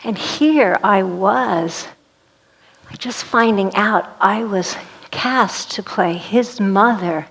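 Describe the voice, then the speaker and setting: A woman's voice: mid-range voice, very slow, a bit bright, a little hiss or hum. A woman performing a one-woman play as a vivid, dramatic storytelling monologue.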